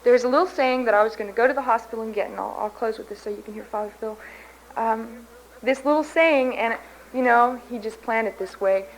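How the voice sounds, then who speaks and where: A woman from Kansas speaks at a podium mic in a large convention hall, sharing her recovery story. Her voice sits a little high, and her candid, self-mocking way of talking is broken often by laughter at herself. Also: brisk, slight background noise. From Kansas, USA. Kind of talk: personal recovery testimony.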